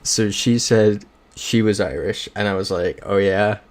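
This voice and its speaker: A man's voice: fairly low pitch, unhurried. A young man chatting casually on a livestream while playing a geography game. He rambles through stories and reads viewer comments aloud.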